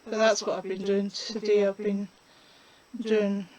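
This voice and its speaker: Slow-talking woman crafter. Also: medium pitch, level tone, a little mellow, a little hiss or hum, rough recording. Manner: chatty, unhurried, talks while working. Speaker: craft demonstrator. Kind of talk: casual crafting demonstration.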